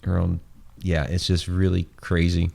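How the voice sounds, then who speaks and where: A man's voice: low voice, completely flat delivery, measured pace, gravelly, dark tone. A man hosting a casual podcast chat, rambling with many fillers and restarts as he starts to lose his voice. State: losing his voice. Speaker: host.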